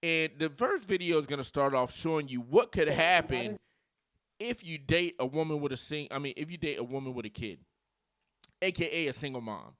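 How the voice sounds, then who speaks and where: Animated, rambling male commentary host. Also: fairly high pitch, moderate pace, no echo, clean studio sound. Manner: animated, rambling, goes off on tangents. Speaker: channel host. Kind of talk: comedic commentary.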